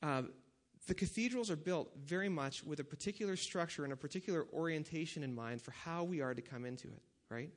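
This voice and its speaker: A male preacher with a slightly higher voice talks through his sermon like a chat with the congregation. He asks them questions as he goes and leans on "um" and "right?" along the way. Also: brisk. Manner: conversational, asks the audience questions, many fillers. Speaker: pastor.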